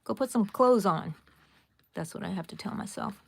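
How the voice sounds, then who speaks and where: A woman's voice: medium pitch, normal speed, creaky, husky. A woman with a Texan accent hosting a live crochet tutorial, chatting casually and directly with her viewers with rambling asides. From Texas, USA. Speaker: crochet livestream host.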